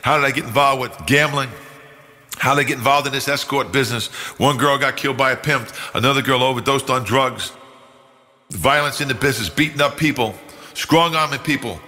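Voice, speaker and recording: Soft music plays behind an older man from New York as he gives his testimony as a guest, talking briskly in a medium-pitched, sharp voice. Earnest and emphatic, he acts out quoted speech, and the hall adds a long reverb.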